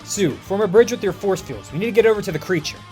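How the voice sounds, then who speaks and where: A man voicing a calm, clever team leader with a measured, reasoning way of talking. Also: sits high, soft background music. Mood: urgent.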